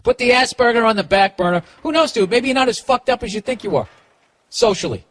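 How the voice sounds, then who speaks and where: A man's voice: extremely high pitch, lively intonation, quick pace, fairly bright tone. A man with a Boston accent, hosting a podcast and giving profane, rambling comedic advice. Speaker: podcast host.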